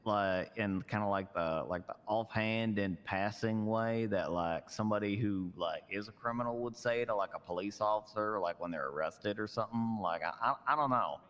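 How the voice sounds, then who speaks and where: A man in an in-character roleplay rambles and hedges, with filler words throughout. His voice sits a little low. It carries a long reverb tail. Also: normal speed, few pauses, a bit bright. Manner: rambling, hedging, full of "like". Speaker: roleplay tech worker.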